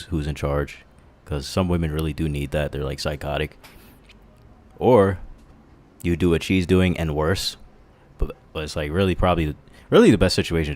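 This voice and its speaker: A man's voice: sits low, darkish tone. A man hosting a stream, reacting to clips with crude jokes and frequent laughter. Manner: crude, joking, laughs often. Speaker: stream host. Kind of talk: casual reaction commentary.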